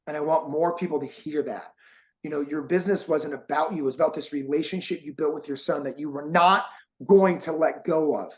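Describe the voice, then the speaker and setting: An emotional, encouraging man hosting an interview. His voice sits a little high, and he talks with warmth and feeling. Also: brisk. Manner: heartfelt, encouraging, gets emotional. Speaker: host and course creator.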